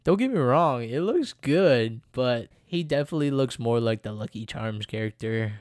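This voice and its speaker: A man's voice: mid-range voice, lively intonation, moderate pace, a little mellow, no room sound, clean studio sound. A young man hosting a casual solo podcast, rambling, laughing often and correcting himself as he goes. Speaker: podcast host.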